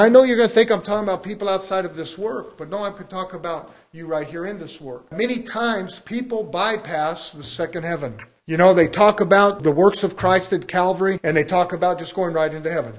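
A man preaching a sermon to his church, building emphasis with rhetorical questions. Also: sits high. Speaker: pastor.

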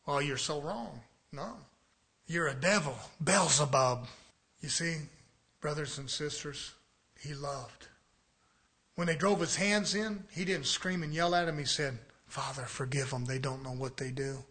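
A man preaches a sermon a little slowly, swinging between quiet, low passages and shouted exhortation while repeatedly calling out to his brothers and sisters.

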